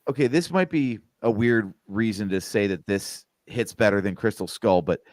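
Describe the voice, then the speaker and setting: A man's voice: fairly low pitch, moderate pace, a little mellow, no room sound, studio quality. A man chatting as a guest on a movie watch-along, thoughtful with a joking edge. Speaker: podcast guest.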